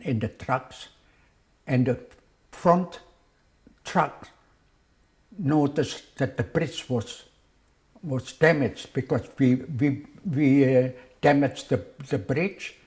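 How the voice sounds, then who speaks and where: A man's voice: medium pitch, darkish tone. An older man remembering in an interview, speaking simple English with non-native phrasing and often repeating words as he searches for them. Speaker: war veteran interviewee. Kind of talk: reminiscing in an interview.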